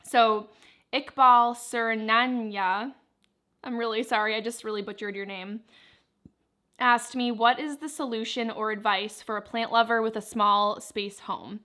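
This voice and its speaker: A woman's voice: fairly high pitch, fairly even intonation, a little slow, sharp tone. A young woman vlogger chatting casually, answering viewer questions while she eats. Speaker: plant vlogger.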